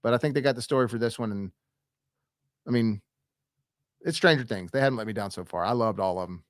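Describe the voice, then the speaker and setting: A man's voice: fairly low pitch, fast talker, no echo, clean studio sound. A young man hosting a movie news show, chatting casually and enthusiastically with fillers and asides to viewers.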